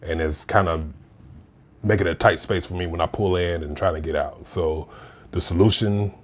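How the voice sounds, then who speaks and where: Male podcast co-host, lower register, laid-back teasing delivery. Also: steady tone, normal speed. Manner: easygoing, teasing, drops into mock complaint. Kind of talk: casual chat.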